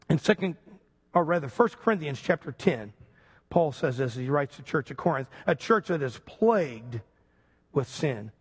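A man preaching a sermon in an earnest way, slowing down and dropping low to stress key words. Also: big pitch swings, breathy edge. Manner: earnest preaching, slows and drops low for emphasis. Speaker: pastor. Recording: long hall reverb.

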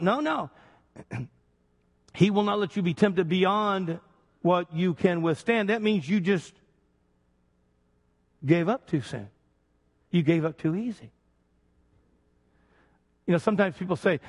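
A man preaching a sermon in an earnest way, slowing down and dropping low to stress key words. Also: animated. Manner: earnest preaching, slows and drops low for emphasis. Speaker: pastor. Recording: long hall reverb.

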